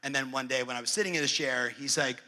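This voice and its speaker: Speaking fast with a steady, medium-pitched voice that is bright and forceful, a man delivers a motivational keynote as a real estate coach. He's brash and profane, keeps polling the crowd, and the large conference hall gives off long reverb.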